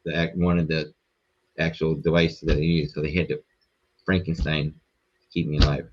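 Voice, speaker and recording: A man appearing as a podcast guest, telling a story in a rambling, profane, animated way. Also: very deep voice, normal speed, lo-fi sound, background noise. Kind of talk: casual storytelling.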